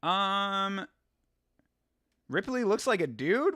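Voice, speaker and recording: A man's voice: high-pitched, big pitch swings, slow, sharp tone, no room sound, studio quality. A man hosting a live watch-along stream, chatting casually, rambling and laughing as he reads from chat.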